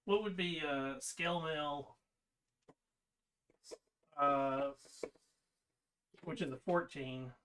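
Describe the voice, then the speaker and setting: Bright-voiced male game master. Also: on the high side, drawn-out words, pauses often. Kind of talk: narrating a tabletop game.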